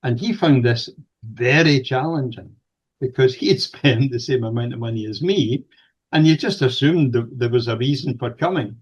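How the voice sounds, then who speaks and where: A man's voice: mid-range voice, moderate pace, slightly rough. An older man from Scotland with a Scottish accent, a guest recounting a personal anecdote in conversation, with hesitant fillers and restarts as he goes. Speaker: guest, paranormal researcher. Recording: dull lo-fi audio.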